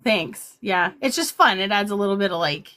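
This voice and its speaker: A woman's voice: mid-range voice, animated, normal speed, bright, forceful tone. A woman hosting a casual livestream chat, upbeat and chatty, sometimes breaking into auctioneer patter. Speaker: livestream host.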